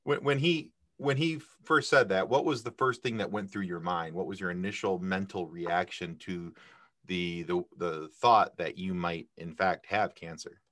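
A male interviewer with a low voice asks questions in halting fashion, restarting his sentences. The sound is dry and close. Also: fairly even intonation, fairly bright tone, no room sound.

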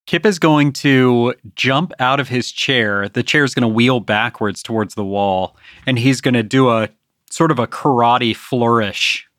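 A man's voice: medium pitch, a little slow, fairly bright tone, dry recording, clean studio sound. Man casually describing his character's moves. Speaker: player. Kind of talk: playing a tabletop game.

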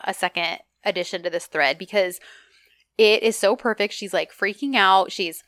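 A woman's voice: mid-range voice, moderate pace, no echo, clean studio sound. A woman co-hosting a podcast, chatting casually and acting out lines from the episodes. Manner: chatty, animated, acts out quotes. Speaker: podcast co-host. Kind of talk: casual recap chat.

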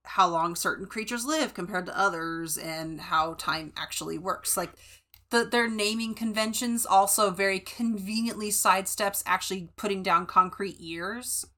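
A woman's voice: medium pitch, moderate pace, pushed and bright. A woman co-hosting a podcast, chatting casually about a book with many fillers and restarts. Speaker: podcast co-host.

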